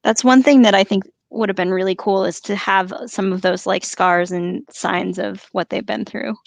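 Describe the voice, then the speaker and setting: A woman podcast host reading a novel aloud, breaking off now and then for animated, laughing commentary. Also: medium pitch, moderate pace, gravelly, no room sound.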